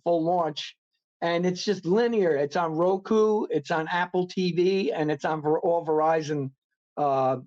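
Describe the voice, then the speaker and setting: Casting: New York man as a chatty podcast guest, a little high-pitched, rambling, muffled remote line. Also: darkish tone. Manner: rambling, many fillers and restarts. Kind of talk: casual interview chat.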